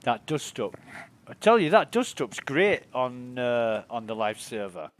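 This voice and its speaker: With big pitch swings in a mid-range voice, a man speaks a little slowly as he streams a video game. He's laid-back and rambling, casually describing what he sees and swearing freely now and then.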